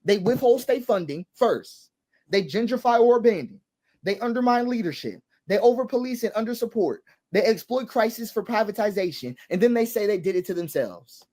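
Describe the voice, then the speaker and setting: A man's high, animated voice, fairly quick and mellow, carries heated social commentary. He drives his points home through repetition and rhetorical questions, laughing here and there.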